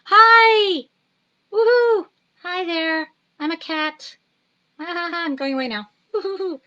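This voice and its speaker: A woman's voice: extremely high pitch, measured pace, pushed and bright, lo-fi sound, voice pushed up, exaggerated voice. A woman voicing a giddy little paper cat puppet with squealy, bouncy greetings.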